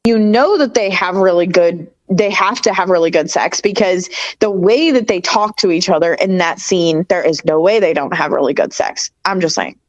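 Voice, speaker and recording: A woman's voice: on the low side, normal speed, lo-fi sound. A woman co-hosting a casual TV review podcast, talking as an eager, opinionated fan. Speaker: podcast co-host.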